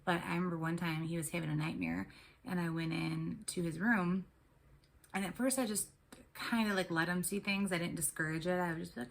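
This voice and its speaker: A woman's voice: fairly low pitch, a little fast, creaky. A woman and mother of three telling a personal story to camera in a casual, rambling way, full of ums and restarts. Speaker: tarot and spirituality vlogger.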